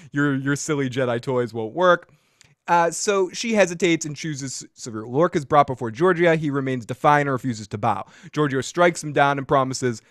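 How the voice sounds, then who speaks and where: A man's voice: medium pitch, no room sound, studio quality. Jokey man hosting a casual recap show. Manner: jokey, crude, laughs at his own jokes. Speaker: podcast host.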